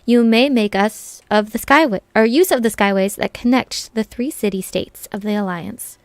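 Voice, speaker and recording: A woman's voice: mid-range voice, moderate pace, no echo, natural voice. A woman voicing a gracious elder woman who leads a forest city, reading formal lines aloud with small stumbles. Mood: solemn.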